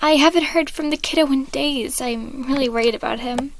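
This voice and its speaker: A woman voicing a fatherly, caring male character in a storybook reading, high and gentle. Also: brisk, no echo. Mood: fond, worried.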